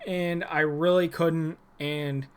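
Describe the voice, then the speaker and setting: A man's voice: on the high side, little pitch movement, slow pace, smooth. A young man ranting about a former job in a rambling, irritated way, with frequent restarts and fillers. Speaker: former gym employee. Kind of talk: casual vlog rant.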